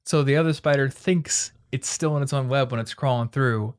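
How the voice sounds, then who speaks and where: A man's voice: medium pitch, moderate pace. Casual young man, rambling podcast host. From Iowa. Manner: rambling, animated storytelling with many restarts. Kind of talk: casual chat.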